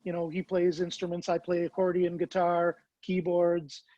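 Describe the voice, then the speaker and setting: A man's voice: sits high, completely flat delivery, moderate pace, dark tone, no room sound, muffled recording. A man with a Canadian accent tinged with American, a songwriter guest talking casually and restarting his sentences often. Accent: Canadian blended with American. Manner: rambling with frequent restarts. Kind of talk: casual interview chat.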